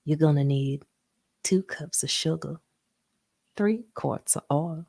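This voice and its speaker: A sugary, drawling older lady hosting a cooking show on TV, as a woman comic puts her on. She speaks, folksy and unhurried, and her voice sits fairly low. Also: creaky, darkish tone, no echo, heavily acted. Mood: syrupy folksy. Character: sweet-talking older Southern woman TV cook. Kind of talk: comedic impression.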